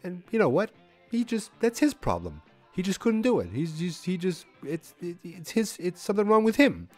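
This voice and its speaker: A man voicing a cool young greaser, talking haltingly as he searches for words. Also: high voice, sing-song, a little mellow, faint music behind, voice pushed up. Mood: earnest.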